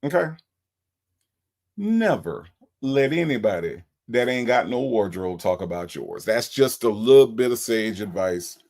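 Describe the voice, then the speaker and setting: A man's voice: lowish voice, very animated, unhurried, vocal fry, darkish tone. A man hosting a live stream, reviewing a recorded call and talking to his chat in an incredulous, repetitive way. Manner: exasperated, incredulous, repeats questions to the chat.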